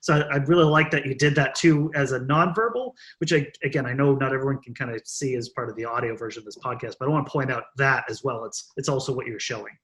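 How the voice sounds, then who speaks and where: A man's voice: medium pitch, fast talker, hardly any pauses, fairly bright tone. A man co-hosting a podcast, talking hesitantly with many restarts. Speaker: podcast co-host. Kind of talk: conversational podcast chat.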